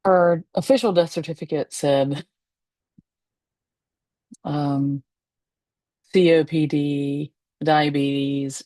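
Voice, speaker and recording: A woman, a medium and spiritualist, telling a personal story to the camera from her home, candid and emotional, pausing and laughing softly. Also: sits low, dry recording. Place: at home, seated in a rocking chair.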